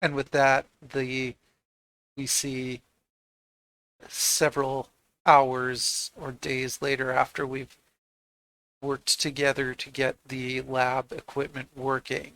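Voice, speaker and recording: A man at a tabletop game who speaks slowly and with emphasis. His voice is gravelly and of average pitch, and he throws himself into the scene. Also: flat delivery, a bit bright, no room sound, low-quality recording. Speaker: player. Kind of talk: tabletop role-play.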